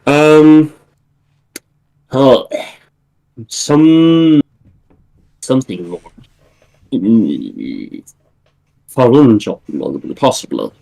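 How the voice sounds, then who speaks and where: A man's voice: mid-range voice, lively intonation, very slow, creaky, pauses often, mellow, low-quality recording. A man hosting a livestream, chatting casually and rambling, breaking off mid-thought and swearing lightly. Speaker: livestream host.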